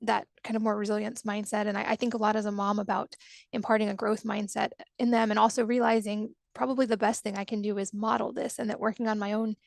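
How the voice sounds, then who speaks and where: A woman's voice: medium pitch, flat delivery, fast, creaky, no echo, clean studio sound. A woman podcast host who asks long, affirming, rambling questions.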